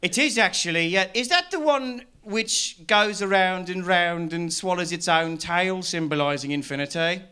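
A man voicing two dim, friendly small-town men in a bumbling, polite chat, high and hesitant. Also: normal speed, hardly any pauses, sharp tone, clean tone.

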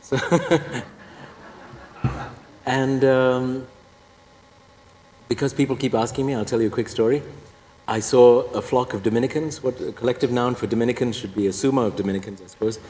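A man's voice: mid-range voice, steady tone, moderate pace, pauses often, darkish tone. A man in his fifties from Singapore, a Catholic priest telling his story in a humorous, self-deprecating way, laughing at his own jokes. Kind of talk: humorous personal testimony talk. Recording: echoey hall, faint background noise.

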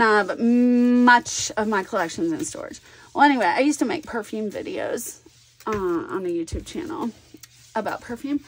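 A woman's voice: a little high, a little hiss or hum. Chatty woman rambling through a craft vlog. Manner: rambling storyteller, acts out both sides of a conversation. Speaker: scrapbooking vlogger.

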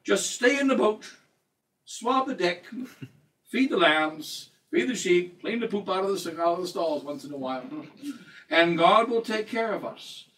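A man's voice: high-pitched, animated, unhurried, a bit bright, far from the mic, rough recording. A man preaching a sermon as a bishop, emphatic and repetitive, quoting scripture along the way. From United States.

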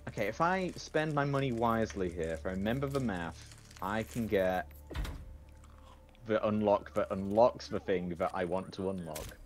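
A man's voice: fairly low pitch, normal speed, slight background noise. A man playing a co-op game with friends, thinking aloud in casual chat. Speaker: co-op player.

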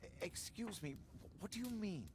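A wealthy lord in a game, unwell and evasive. His voice sits a bit high and varied. Faint ambience hangs behind. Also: expressive, moderate pace, background noise. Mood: defensive. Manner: genteel, defensive. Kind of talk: video game voice acting.

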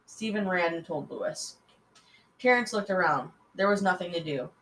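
A woman reading a children's chapter book aloud in a lively, expressive way. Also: on the low side, normal speed, a little hiss or hum, rough recording. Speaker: reader.

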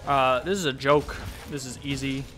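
A young man giving casual let's-play commentary, swearing and talking back to the monster, with sudden yells. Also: medium pitch, steady tone, moderate pace, soft background music. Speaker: gameplay commentator.

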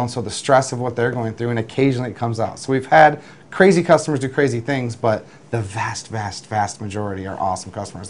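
A man who runs a delivery business, telling lively work anecdotes in an interview, with restarts and acted-out quotes. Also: fairly low pitch, a little hiss or hum. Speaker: food delivery business owner. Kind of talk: interview storytelling.

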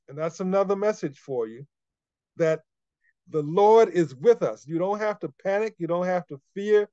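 A man's voice: high-pitched, lively intonation, normal speed, dark tone, clean tone, no echo, muffled recording. A man preaching a sermon, emphatic and repeating key phrases for weight.

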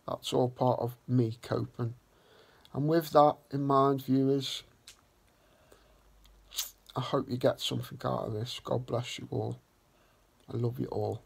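A man hosting a vlog, talking slowly and earnestly in a reflective way. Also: mid-range voice, fairly even intonation, vocal fry, slightly rough. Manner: slow, earnest and heartfelt. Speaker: vlog host.

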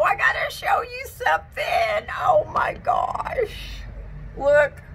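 A woman's voice: medium pitch, a little hiss or hum. A woman chatting to viewers while she gardens outdoors, scattered and friendly, talking to her plants. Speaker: gardening vlogger. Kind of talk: casual chat to camera while gardening.

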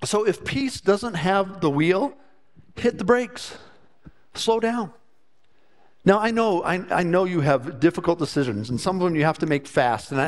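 A male pastor gives a sermon in his church. His voice sits somewhat high for a man. He talks earnestly and often doubles a word at the start of a phrase. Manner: earnest, repeats words when starting a thought.

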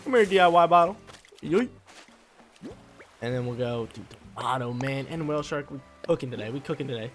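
Excitable young man narrating gameplay. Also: medium pitch, fairly quick, pauses often. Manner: excitable, slangy, bursts into loud yelps. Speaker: gaming channel host. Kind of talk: casual gameplay commentary. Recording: faint music under voice.

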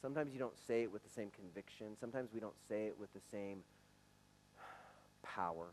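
A man's voice: fairly low pitch, brisk, a little hiss or hum, rough recording. A man in his forties, a pastor preaching a conversational, earnest sermon to his church, now and then stumbling over his words. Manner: conversational, earnest, with some stammered restarts. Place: church sanctuary.

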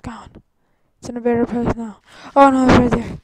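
A woman's voice: on the high side, level tone, normal speed, a little mellow, dry recording, low-quality recording. A young woman from Canada giving jittery, easily startled let's-play commentary on a video game, talking to herself as she goes. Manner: jittery, easily startled, rambling self-talk. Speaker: gaming YouTuber.

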